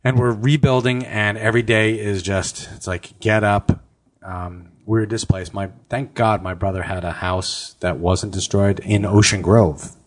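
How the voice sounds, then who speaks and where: Deep-voiced middle-aged man telling a story. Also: steady tone, unhurried. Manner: rambling storyteller, casual swearing. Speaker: podcast co-host. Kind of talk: casual chat.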